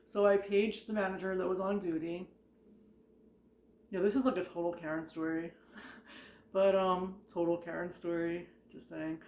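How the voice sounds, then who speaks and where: A woman's voice: fairly low pitch, level tone, measured pace, long pauses, a little hiss or hum. A woman vlogger telling rambling work stories in a casual, chatty way, filling her talk with "like" and frequent laughs. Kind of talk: casual storytelling. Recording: echoey room.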